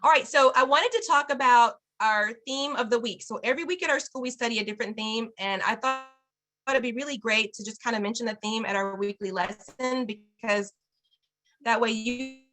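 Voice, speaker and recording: A woman's voice: on the high side, moderate pace, sharp tone, soft background music. A woman teaching an online Spanish class to parents, cheerful and encouraging, laughing often over a video call.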